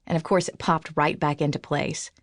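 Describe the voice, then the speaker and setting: A woman reads an audiobook in a low, dry, close-miked voice. She lifts her pitch for the characters' lines. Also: flat delivery, moderate pace, no echo. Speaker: audiobook narrator. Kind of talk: scripted audiobook narration.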